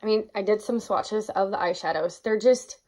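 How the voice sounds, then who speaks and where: A woman's voice: mid-range voice, moderate pace, a little mellow. A young woman in a casual vlog, gushing enthusiastically over her favorite makeup products and exclaiming often. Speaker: beauty vlogger.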